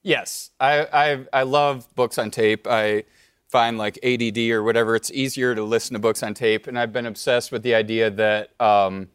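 A man, a comedian guest on a talk show, telling rambling, animated stories in casual chat. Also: medium pitch, normal speed, clear, resonant tone, no room sound. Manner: rambling, animated storytelling with laughs.

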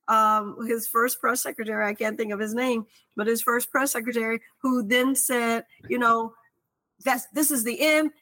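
Female political pundit guest, bright, fairly high voice, frank and matter-of-fact, dry mic. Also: no room sound. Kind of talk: political talk radio chat.

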